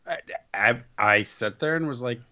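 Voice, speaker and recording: A man co-hosting a casual wrestling podcast, chiming in with quick reactions and opinions. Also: medium pitch, pushed and bright, lo-fi sound. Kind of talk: casual chat.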